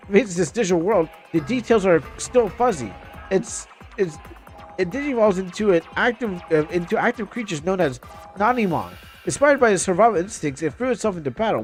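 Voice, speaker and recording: A young man streaming a game, chatting casually and reading game text aloud, often stumbling and restarting words. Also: high-pitched.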